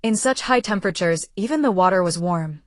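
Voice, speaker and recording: Woman with an even storybook narration. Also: on the low side, brisk, no echo. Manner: even, steady reading of a translated web novel, with slips in pronouns. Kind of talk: scripted audiobook narration.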